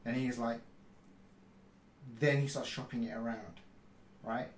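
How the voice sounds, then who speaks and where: A man telling a story in casual podcast chat, animated and full of fillers. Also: medium pitch, a little slow, recorded from a distance. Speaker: podcast co-host. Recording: roomy room, faint noise.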